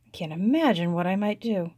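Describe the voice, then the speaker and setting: A woman's voice: mid-range voice, expressive, fairly quick, dark tone. A woman chatting casually to viewers in a hobby vlog, self-deprecating and talkative. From United States. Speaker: cross-stitch vlogger.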